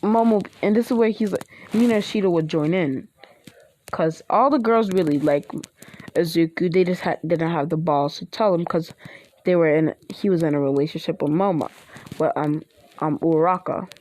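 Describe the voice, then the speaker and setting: A woman improvises a fan-fiction story aloud, one event after another. Her voice sits fairly low and the telling is loose, full of restarts and fillers. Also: normal speed, mellow. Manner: rambling, many restarts and fillers. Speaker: online video creator.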